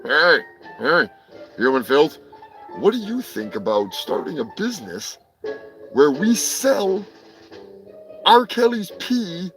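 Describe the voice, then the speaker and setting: A high, bright male voice tears through crude comedy news commentary with profane rambling. He breaks into sudden shouts, with faint music behind him. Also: poor audio. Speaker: host.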